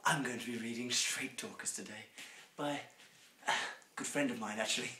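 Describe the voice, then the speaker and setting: A man reads out a made-up story in a rambling, absurd way, dropping to mutters and then bursting out loud. The room around him rings with echo, and a faint hiss sits underneath. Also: mid-range voice, moderate pace. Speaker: comic storyteller. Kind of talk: mock story reading, improvised comedy. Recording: echoey room with faint noise.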